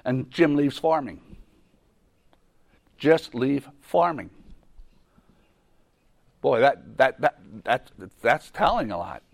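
A man's voice: mid-range voice, very animated, unhurried, hardly any pauses. A man teaching a Bible lesson in a conversational way, often repeating himself and restarting sentences. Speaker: preacher.

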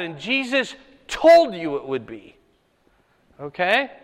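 A man's voice: high voice, huge pitch swings, slow pace, long pauses. A man teaching a Bible lesson as a pastor, emphatic and often checking in with "okay?" and "right?". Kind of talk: sermon-style Bible teaching. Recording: echoey hall with long reverb.

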